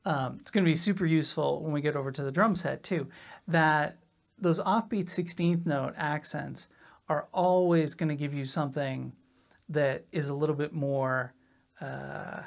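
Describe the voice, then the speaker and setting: A woman drum teacher explaining rudiments in a relaxed, casual way, often checking in with "right?". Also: deep voice, a little slow, vocal fry. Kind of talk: casual instructional talk.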